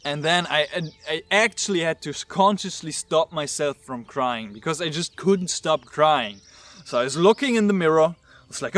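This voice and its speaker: A man telling a personal story to camera, halting and earnest, repeating words as he searches for them. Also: a little high, animated, a bit bright. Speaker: vlogger.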